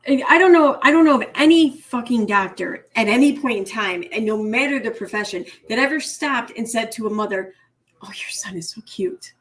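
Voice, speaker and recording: A woman with a slightly high voice hosts a reaction commentary in a blunt, sarcastic way, dropping swear words as she talks over played clips. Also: fairly quick, few pauses. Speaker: commentary host.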